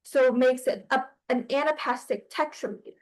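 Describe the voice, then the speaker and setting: A woman's voice: high voice, moderate pace, rough recording. A woman teaching a class, hesitant, with many fillers and restarts. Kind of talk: online class lesson.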